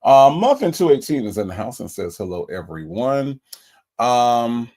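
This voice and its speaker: A man's voice: medium pitch, big pitch swings, a little slow, a little mellow. A man hosting a casual livestream, reading out viewer comments and greeting each one in a playful way. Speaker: livestream host.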